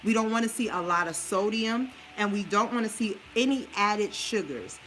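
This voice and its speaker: A woman's voice: mid-range voice, moderate pace, fairly bright tone, slight background noise. A woman with a New Orleans accent showing a meal plan in a home kitchen, talking straight to her viewers in a sassy, preachy way. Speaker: vlogger sharing a meal plan. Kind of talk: casual cooking demo and advice.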